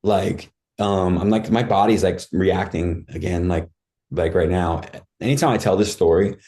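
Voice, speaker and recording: Mellow low-voiced man telling a story. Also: normal speed. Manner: vivid retelling that acts out his own cries, full of "like" and "dude". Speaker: podcast guest. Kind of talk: casual storytelling.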